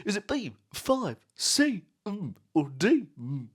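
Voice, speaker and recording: A man doing an impression of a quiz-show host, with a raised voice and a slow, teasing, drawn-out delivery. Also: sits high, very animated, breathy edge, voice pushed up, exaggerated voice. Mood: teasing, showy.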